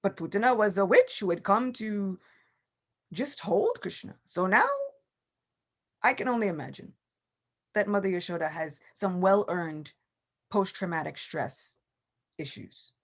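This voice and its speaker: A woman's voice: medium pitch, lively intonation, unhurried, long pauses. A woman giving a morning scripture class, telling the story vividly and acting out the characters' lines in her own voice. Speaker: class speaker.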